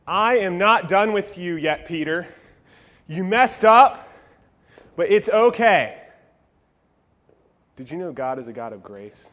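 Jokey, animated male youth preacher. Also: high-pitched, slow pace, pauses often. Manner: animated, jokey, playful asides. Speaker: youth pastor. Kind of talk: youth sermon.

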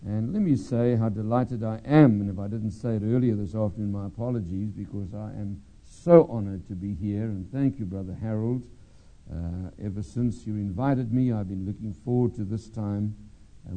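Male preacher, sermon delivery, very dark mellow voice, pausing storyteller. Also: lowish voice, lo-fi sound. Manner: storytelling, pausing, with hesitant fillers.

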